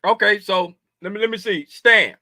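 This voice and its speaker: A man's voice: high voice, moderate pace, pushed and bright, no room sound. A man in his fifties hosting a casual trading livestream, joking and slangy and laughing often. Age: 50s.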